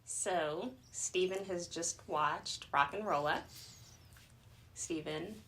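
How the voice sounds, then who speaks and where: Lady co-host, slow and kinda low, reading out the credits. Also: over music. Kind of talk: show introduction.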